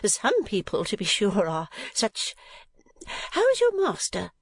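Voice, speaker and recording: A man's voice: high voice, huge pitch swings, a little slow, dry recording, voice pushed up, heavily acted. A man putting on a flustered, fussy old-fashioned mother. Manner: rambling, flustered, swooping. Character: fussy talkative widowed mother, middle-aged. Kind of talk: audiobook character voice.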